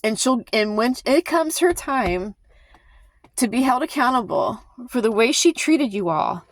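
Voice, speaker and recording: A woman's voice: fairly high pitch, lively intonation, a little slow, no echo. A woman vlogging a heated, emphatic commentary, sighing and restarting her sentences as she talks. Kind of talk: impassioned casual commentary to camera.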